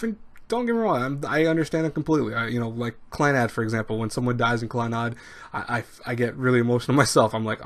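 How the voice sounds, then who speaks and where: A young man casually reviewing an anime episode, rambling and animated, with many restarts and fillers. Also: mid-range voice, fast talker.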